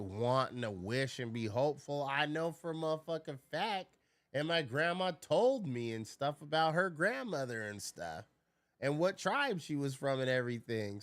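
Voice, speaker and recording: A man's voice: mid-range voice, fairly bright tone, clear, resonant tone, no room sound. A man chatting casually on a live stream, rambling through stories, swearing freely and answering his chat.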